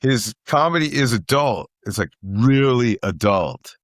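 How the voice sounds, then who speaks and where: A man's voice: medium pitch, expressive, unhurried, dry recording, clean studio sound. A middle-aged man, a guest comedian telling stories in casual chat, who repeats phrases for emphasis and acts out what other people said.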